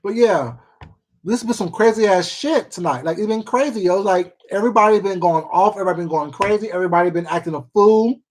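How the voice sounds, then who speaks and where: Here a livestream host with a medium-pitched, slightly mellow voice talks quickly, chatting casually through viewer comments. The gossip rambles, heavy on profanity, repeats and fillers, with terms like baby and sweetheart.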